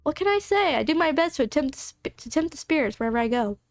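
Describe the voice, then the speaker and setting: A woman's voice: high-pitched, animated, fast talker, no room sound, studio quality. A woman reading the lines of a cheerful, playful young ghost hunter in a game.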